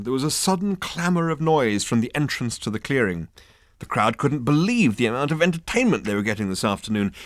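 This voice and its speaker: Wry, lively male audiobook narrator. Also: mid-range voice, no echo. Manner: dry, wry storytelling.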